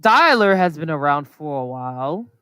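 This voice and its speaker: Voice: medium pitch, big pitch swings, moderate pace, sharp tone, clear, resonant tone, dry recording. A podcast co-host chatting casually, rambling through stories with lots of fillers. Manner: rambling, filler-heavy storytelling. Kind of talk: casual chat.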